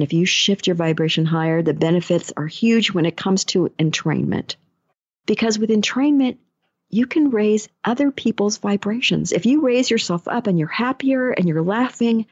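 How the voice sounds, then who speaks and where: Speaking as an energy healer and life coach, a woman with a medium-pitched, darkish voice rambles casually through her stories, taking on the voices of those she quotes. The recording is dull and lo-fi, completely free of room echo.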